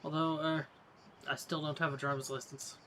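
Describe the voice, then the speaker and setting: A man's voice: on the high side, flat delivery, normal speed, close to an everyday voice. A man voicing a fond elderly woman in a video game, reading her lines on a live stream with doting pet names and self-deprecating worry. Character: fond elderly woman, van-driving grandmother type. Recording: noisy stream mic with clicks.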